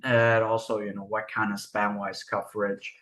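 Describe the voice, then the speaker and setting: A man's voice: on the low side, flat delivery, moderate pace, fairly bright tone. A young man giving a recorded research presentation, explaining step by step and asking rhetorical questions.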